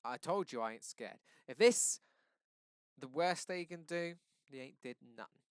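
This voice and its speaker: A man reading aloud and voicing a tough, protective father who speaks loudly and bluntly. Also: medium pitch, lively intonation, normal speed, clean tone, no echo, natural voice. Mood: defiant. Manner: loud, forceful and blunt.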